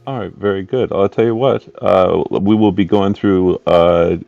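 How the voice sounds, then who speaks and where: Gravelly, formal man playing an undercover agent. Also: low-pitched, steady tone, no echo, highs cut off, pitched above the performer's own voice. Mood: courteous. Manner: formal and courteous, with filler pauses. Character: smooth, polite male undercover agent.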